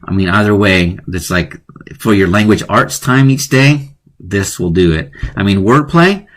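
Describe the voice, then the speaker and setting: A man's voice: sits low, measured pace. Playful man teaching a live online class. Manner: playful, chatty, laughs at his own jokes. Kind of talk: live-streamed lesson on wordplay.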